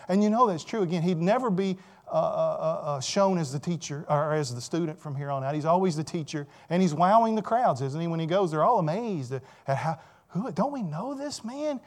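Conversational preacher asking rhetorical questions. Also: male voice, fairly high pitch, expressive, fairly quick, a little mellow. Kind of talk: sermon.

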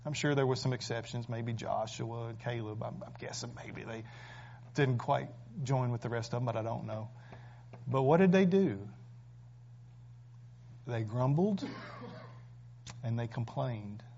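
A man's voice: medium pitch, unhurried, vocal fry, long pauses, dark tone, a little hiss or hum. A man preaching a sermon, emphatic and full of rhetorical questions. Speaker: pastor. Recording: dull lo-fi recording.

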